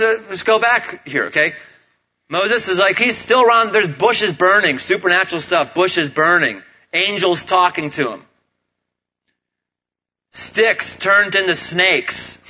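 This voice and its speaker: A man preaching a sermon in a casual, humorous, animated way, on a dull lo-fi recording. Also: high-pitched, measured pace, pauses often, husky. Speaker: pastor.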